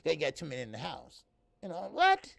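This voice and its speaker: A man's voice: fairly high pitch, wildly swooping pitch, fairly quick, vocal fry, fairly bright tone, no room sound. A middle-aged American man hosting a casual live boxing talk stream, loose and profane, laughing and talking straight to viewers. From American Midwest. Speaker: boxing talk show host. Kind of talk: casual live-stream chat reading comments.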